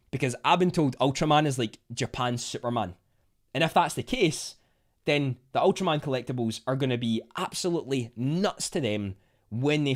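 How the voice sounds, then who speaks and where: Scottish man, livestream host, casual and rambling, mid-pitched voice. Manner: chatty, rambling, with frequent restarts. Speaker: livestream host reading chat. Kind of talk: casual live chat.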